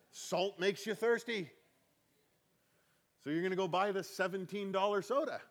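A man pastor preaching a conversational sermon, folksy and emphatic, swelling on key points and chuckling between them. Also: fairly high pitch.

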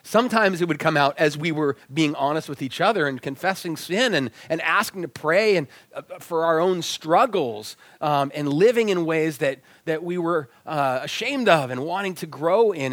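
A male pastor preaching a sermon with personal stories, animated and telling them with feeling, sometimes dropping almost to a whisper. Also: fairly high pitch, normal speed, dry recording. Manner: animated, acts out quoted dialogue, drops to near whispers. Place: church sanctuary.

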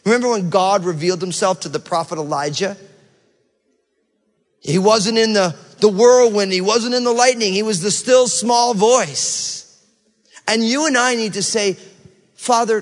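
A man's voice: sits high, a bit bright. A male pastor giving a conversational sermon, acting out the inner voices people hear. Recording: long reverb of a large hall.

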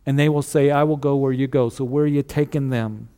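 A man preaching a sermon, earnest and steady, repeating key phrases and dropping to a hush on solemn lines. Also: mid-range voice, a little fast, smooth. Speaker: pastor.

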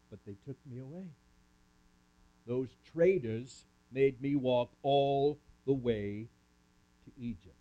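Speaking slowly with frequent pauses, this man has a warm, mid-range voice. He plays a camp speaker in a dramatic first-person monologue, theatrically addressing an audience volunteer, captured on a muffled lo-fi recording.

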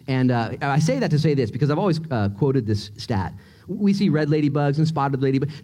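A male pastor preaching a sermon in a church, joking and excitable as he tells stories. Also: on the high side. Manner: animated, joking, excitable storyteller. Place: church sanctuary.

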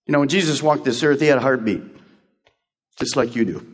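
A man's voice: mid-range voice, a little fast, husky. A male pastor preaching a sermon in a church, urging and repeating key phrases. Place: church sanctuary. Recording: long hall reverb.

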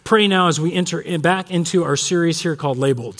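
A male pastor giving a conversational sermon that mixes prayer with personal stories, often pausing on fillers. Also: a little high, fairly bright tone. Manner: conversational, frequent fillers and restarts. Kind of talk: sermon with storytelling.

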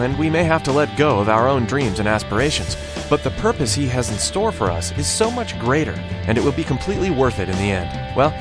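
A man reading a scripted introduction to a radio sermon program in an earnest manner. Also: medium pitch. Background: acoustic guitar music.

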